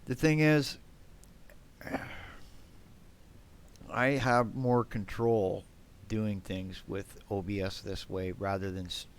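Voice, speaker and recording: A man's voice: on the low side, fairly even intonation, slow, pauses often, slight background noise. A man streaming a game live, rambling bluntly to his chat, swearing and tagging his remarks with "man" and "right?". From Canada.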